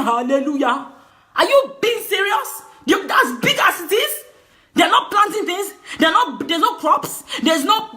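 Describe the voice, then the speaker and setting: Nigerian woman vlogger, bright, animated voice, emphatic scolding rant with laughter. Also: high-pitched. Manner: emphatic and scolding, laughing through her words. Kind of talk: passionate direct-to-camera rant.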